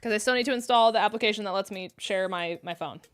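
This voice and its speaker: A woman's voice: mid-range voice, fast talker, clear, resonant tone, faint music behind. A young adult woman chatting casually with her live-stream audience, rambling with many ums and likes.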